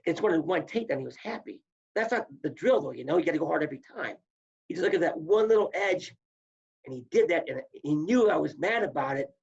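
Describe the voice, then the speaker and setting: A man spins stories from his competing days in a rough, gravelly voice with a breathy edge. He talks casually and gets animated, often repeating words as he goes. The audio sounds muffled and lo-fi. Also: fairly high pitch, fast talker. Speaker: guest, former wrestler and coach. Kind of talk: casual storytelling.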